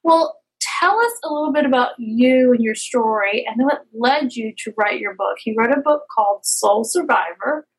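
A woman's voice: on the high side, moderate pace, hardly any pauses, slightly rough, low-quality recording. A woman from the Southern United States with a Southern accent, hosting an interview podcast in an upbeat, chatty way. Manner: upbeat, chatty, lively welcomes. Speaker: podcast host.

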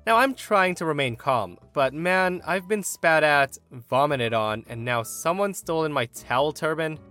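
A man reading a forum story aloud in an animated storytelling manner. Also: a little high, unhurried, soft background music. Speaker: story narrator.

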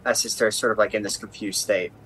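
A man's voice: lowish voice, fairly even intonation, fast talker, fairly bright tone, a little hiss or hum. A man playing a tabletop game, describing his character's actions with hesitant talk full of fillers. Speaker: player.

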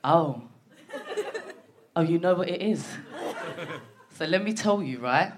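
A woman's voice: lowish voice, lively intonation, takes it slowly. Stand-up comic, woman in her forties, salty storyteller on a noisy live theatre recording. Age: 40s. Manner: swearing, storytelling, punchy asides to the crowd. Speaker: stand-up comedian. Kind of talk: stand-up comedy set. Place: theatre stage before a live audience.

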